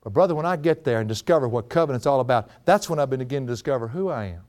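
A man's voice: mid-range voice, animated, very fast, a little mellow. A middle-aged man with a drawl preaching a folksy storytelling sermon, often breaking into laughter.

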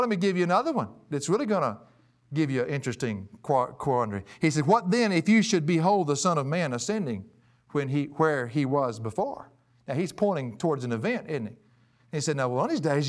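A man's voice: fairly high pitch, fairly bright tone. A man preaching an expository sermon, emphatic and folksy, his voice rising and falling for emphasis. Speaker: pastor.

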